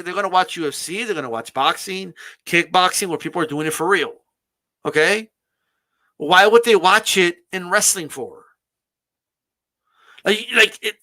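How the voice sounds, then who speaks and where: Bright, high-pitched male streamer host, loose and animated, swears freely. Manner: animated, repetitive restarts, swears casually. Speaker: streamer hosting a live wrestling talk. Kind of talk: casual ranting commentary.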